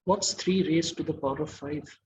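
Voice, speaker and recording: A man's voice: a little high, fairly even intonation, moderate pace, slight background noise, poor audio. A man giving an online masterclass lecture, quizzing his audience and praising their answers.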